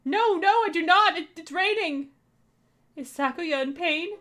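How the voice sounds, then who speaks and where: A woman voicing a hyperactive young male pigeon who shouts his lines with wild excitement. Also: extremely high pitch, measured pace, pitched above the performer's own voice, full character voice. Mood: excited. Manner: loud, excited exclamations. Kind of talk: reading game dialogue aloud.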